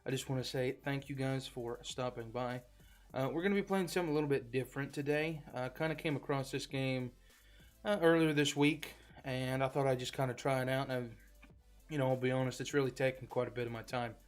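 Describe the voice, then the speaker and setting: A man's voice: medium pitch, fairly even intonation, brisk. A man streaming a game live, chatting casually to viewers in a rambling, filler-heavy way. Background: faint background music.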